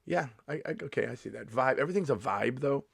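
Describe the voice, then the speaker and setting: Riffing quickly and with animation, a man in his fifties swears his way through a sarcastic, mock-outraged comedy vlog monologue. His ordinary mid-range voice carries vocal fry and a slight roughness, recorded dry and close with no reverb.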